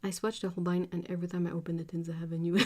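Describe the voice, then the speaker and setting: A woman whose first language is French hosts an art livestream, chatting casually and reading viewer comments. Her low voice is mellow and quick. She's chatty and giggly, trailing off as she searches for words.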